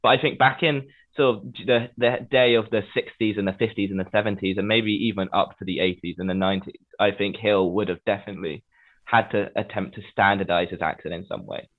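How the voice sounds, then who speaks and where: A man's voice: on the low side, steady tone, brisk. A man with a Southern English accent chatting as a guest, hedging often with "sort of". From England. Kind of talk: casual chat. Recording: tinny phone-like line.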